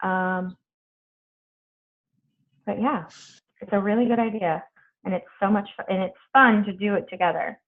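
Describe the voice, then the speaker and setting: A woman's voice: mid-range voice, fairly even intonation, a little slow, long pauses. Woman, team coach, casual and blunt, swears, video call, thin phone-like sound. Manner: chatty and blunt, swears freely.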